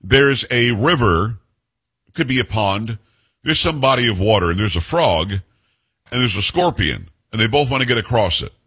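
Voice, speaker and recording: A male talk radio host taking calls and telling stories in a blunt, forceful way. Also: lowish voice, expressive, normal speed, breathy edge. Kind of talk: opinionated call-in talk radio.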